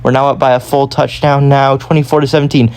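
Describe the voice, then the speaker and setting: A man's voice: mid-range voice, flat delivery, fast talker, darkish tone, clean tone. A man giving casual gameplay commentary, rambling and often correcting himself. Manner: rambling, self-correcting, chatty. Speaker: gaming YouTuber.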